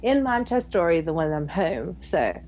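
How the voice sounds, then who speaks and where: A woman's voice: fairly low pitch, sing-song, normal speed, a little mellow, dull audio. English woman, podcast guest, chatty and self-mocking; faint music behind. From England. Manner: chatty, giggly, self-deprecating. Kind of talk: casual podcast chat.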